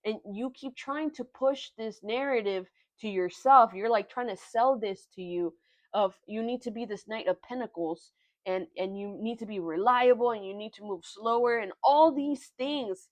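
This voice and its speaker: Young woman doing a tarot reading, emotional and kinda halting, dry close sound. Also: fairly high pitch, no room sound. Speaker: tarot reader. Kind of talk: pick-a-card tarot reading.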